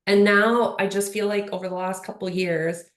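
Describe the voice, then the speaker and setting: A woman's voice: medium pitch, steady tone, normal speed. A woman speaking on a panel in casual conversation, earnest and rambling, with lots of "like" and "you know". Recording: roomy echo.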